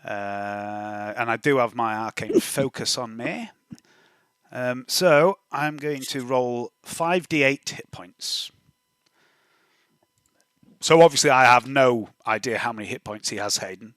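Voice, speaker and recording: A man playing a tabletop game, excitable and swearing a lot in casual banter. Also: mid-range voice, takes it slowly, clear, resonant tone, no echo. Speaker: player.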